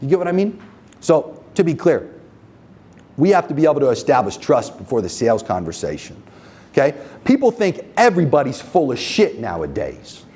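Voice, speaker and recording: A man's voice: mid-range voice, wildly swooping pitch, moderate pace, darkish tone. Emphatic, profane man working a room. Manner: profane, emphatic, asks the audience constant checking questions. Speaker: marketing agency owner presenting a workshop. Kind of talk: live seminar talk to a room. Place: room with a live audience.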